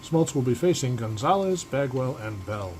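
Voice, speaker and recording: A man's voice: mid-range voice, animated, moderate pace, a little mellow, rough recording. A man giving broadcaster-style play-by-play of a tabletop baseball game, with asides about his dice rolls. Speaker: replay host and play-by-play announcer. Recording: air-conditioning hum in the background.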